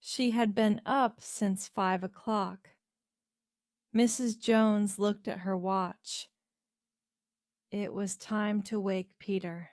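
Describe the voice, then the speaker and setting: A woman reads a simple learner's story aloud, taking it very slowly and pronouncing each word clearly. Her voice sits in a middle range and sounds close and dry, with no room around it. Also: mid-range voice, steady tone, dry recording. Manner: slow, clear, deliberate reading for learners. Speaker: narrator. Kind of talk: graded reader story narration.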